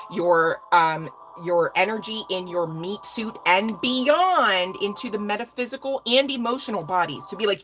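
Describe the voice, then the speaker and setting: A woman's voice: medium pitch, fairly bright tone, poor audio. A woman giving a casual live tarot reading, rambling and swearing freely with laughing asides. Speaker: tarot reader.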